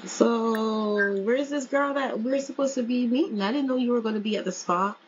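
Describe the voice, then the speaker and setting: A woman's voice: fairly high pitch, normal speed, muffled recording, noisy background, natural voice. Middle-aged dad game character, easygoing, friendly, a bit puzzled, done by a woman. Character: middle-aged father sim, casual and friendly.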